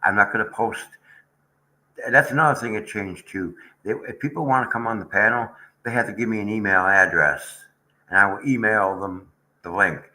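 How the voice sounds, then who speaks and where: A man's voice: on the low side, moderate pace, bright, forceful tone, poor audio. A man hosting a casual livestream chat, rambling and aggrieved as he talks to viewers in the chat. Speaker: channel host.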